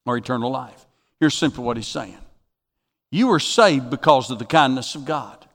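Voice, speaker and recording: A man preaching a sermon as pastor, folksy, moving from quiet asides to emphatic bursts. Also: medium pitch, normal speed, vocal fry. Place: church sanctuary. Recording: long reverb of a church hall.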